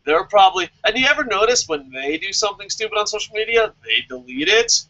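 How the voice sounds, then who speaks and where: A man with a bright, tense voice that sits a little high holds forth on his own vlog. He is animated and sarcastic, and he swears casually while answering viewer questions. The recording sounds dull and lo-fi. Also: fast, vocal fry. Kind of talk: casual opinionated commentary.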